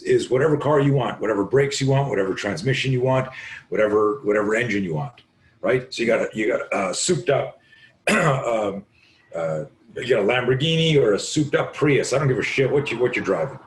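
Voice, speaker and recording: A man with a raw, hoarse voice, speaking as a podcast guest and self-defense instructor, telling a vivid, profane story and acting out the voices he quotes. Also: mid-range voice, expressive, brisk, reverberant. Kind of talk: animated storytelling in conversation.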